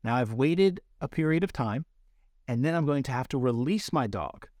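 A man's voice: mid-range voice, animated, normal speed, darkish tone, no echo. Dry, close-miked man explaining dog training. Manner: explanatory, uses everyday analogies. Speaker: dog trainer, podcast host. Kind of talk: instructional podcast talk.

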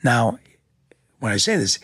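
Raspy gravelly cop telling it blow by blow, low voice, dry close mic, swears now and then. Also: male voice, big pitch swings, unhurried, a bit bright, dry recording. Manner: vivid storytelling with sound effects and blunt swearing. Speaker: police lieutenant, guest. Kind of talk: step-by-step recounting in a podcast interview.

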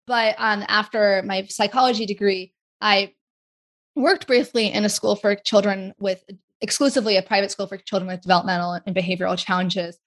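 A woman in her forties, a guest in an interview, talking casually and chattily with quick asides. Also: medium pitch, fairly even intonation, fairly bright tone. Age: 40s.

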